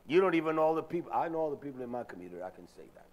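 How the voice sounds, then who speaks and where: A man's voice: fairly high pitch, sing-song, racing, a little mellow. A male preacher giving an impassioned Sabbath sermon, emphatic and full of filler sounds as he drives his points home.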